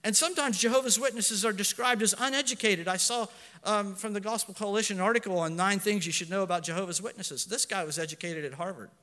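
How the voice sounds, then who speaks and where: Male preacher, high bright voice, earnest and emphatic, long church reverb. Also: fast talker. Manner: earnest, swings between soft asides and loud emphatic lines; self-correcting, with fillers. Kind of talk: sermon.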